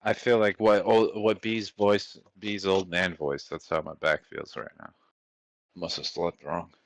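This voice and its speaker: A man's voice: deep voice, little pitch movement, unhurried, dry recording, muffled recording. A man on a group voice call, joking about his bad back and teasing his friend. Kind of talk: casual chat.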